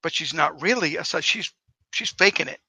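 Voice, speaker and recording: A male author guest who tells stories in a rambling, enthusiastic way. His voice is gravelly and sharply bright. It sounds dry and close. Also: a little high, expressive, normal speed, no room sound, rough recording. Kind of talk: casual interview.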